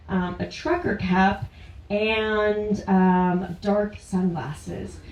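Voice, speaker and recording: A woman's voice: mid-range voice, darkish tone, a little hiss or hum. A woman tells a true story on a small live stage, chatty and often laughing through her words. Her voice sits mid-range and is caught from a distance. The room around her rings back with echo. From Ontario, Canada. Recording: roomy, distant live-venue sound.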